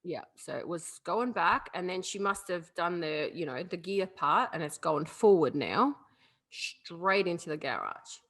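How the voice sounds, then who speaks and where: A woman chats on a podcast with a bright, ringing tone. She tells her stories in an animated way, laughs often, and swears casually. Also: on the low side, a little slow. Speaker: podcast co-host. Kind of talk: casual chat, storytelling.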